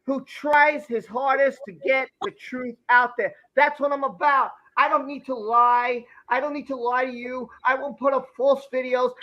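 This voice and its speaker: Reacting to a news clip on his live stream, this man delivers heated, angry commentary, repeating himself and talking right over the footage. His extremely high, fairly bright voice comes through with the highs cut off.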